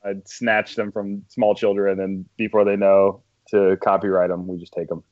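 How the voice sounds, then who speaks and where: A man with a low voice guests on a podcast as a film director. He jokes in a dry, deadpan way. The sound is dull and lo-fi, with no room echo. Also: moderate pace. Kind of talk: comedic podcast chat.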